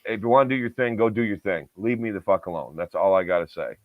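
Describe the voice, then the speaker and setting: A man's voice: low voice, fast, no room sound, phone-quality sound. A man co-hosting a podcast, ranting heatedly and swearing a lot in casual chat. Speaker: podcast co-host.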